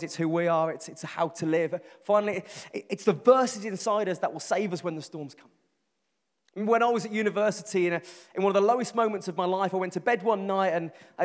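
A middle-aged man preaching a sermon, earnest and emphatic, building lists and repeating phrases. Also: high voice. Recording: long reverb from a large hall.

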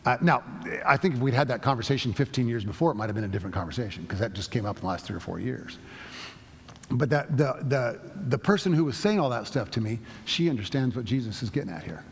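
A male pastor delivers a sermon in a loose, storytelling manner, often restarting his phrases. His voice is a bit husky. The sound carries the long reverb of a church sanctuary. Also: mid-range voice, animated, fast talker. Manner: storytelling, conversational with many restarts.

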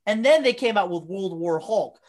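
Woman, casual chat, gushing and swearing, mid-pitched. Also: normal speed. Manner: excited, swearing, lots of filler words. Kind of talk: casual chat about a movie.

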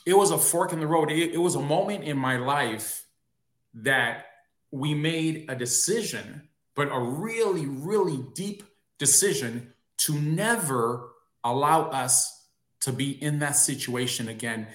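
A man's voice: fairly high pitch, a little slow, fairly bright tone. A man, a guest on a talk show, earnestly telling a personal story. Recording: roomy echo on his voice.

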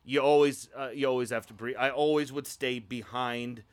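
Casual male storyteller from Iowa, animated, profane, pitch spikes when reliving the panic. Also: moderate pace, clean tone. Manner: animated, swears, voice jumps high when retelling his outburst. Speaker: improv show performer telling a story.

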